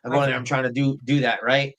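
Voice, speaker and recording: A man's voice: medium pitch, little pitch movement, fast talker, a bit bright. A man, a professional fighter and podcast guest, telling a story in a rambling, profane, repetitive way. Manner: rambling, profane, repeats himself. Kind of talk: casual storytelling chat.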